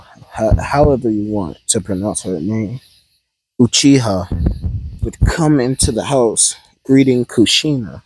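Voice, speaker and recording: A man's voice: fairly low pitch, a little slow, darkish tone, husky, no room sound, rough recording. A man casually telling a fan-fiction story in a rambling, hesitant way, often correcting himself.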